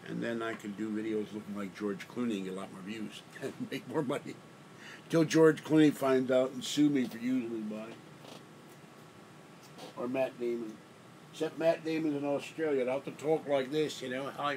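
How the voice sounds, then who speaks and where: A man's voice: medium pitch, normal speed, darkish tone. An older man vlogging from home in a meandering, self-interrupting way, sounding fatigued. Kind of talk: rambling casual monologue. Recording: faint background noise.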